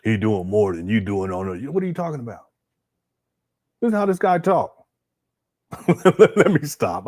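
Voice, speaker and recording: A man's voice: medium pitch, big pitch swings, moderate pace, pauses often, darkish tone. A man hosting a casual video commentary, exasperated and incredulous, swearing casually. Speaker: commentary channel host.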